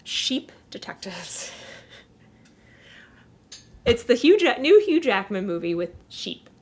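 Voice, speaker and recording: Woman, casual podcast co-host, expressive and excitable, bright higher voice, wide swinging pitch. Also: slow. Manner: animated, emotional, laughs often. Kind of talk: casual movie review chat.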